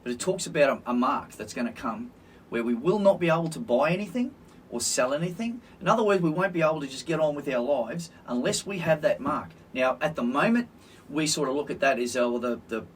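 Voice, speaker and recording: A man's voice: fairly high pitch, fairly quick. An older Australian man talks casually and jokes as he goes, breaking off and starting his sentences again. He sits well back from the microphone, and a faint hiss runs under the recording. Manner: animated, jokey, trails off and restarts. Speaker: podcast co-host. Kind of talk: casual chat. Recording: distant mic with faint hiss.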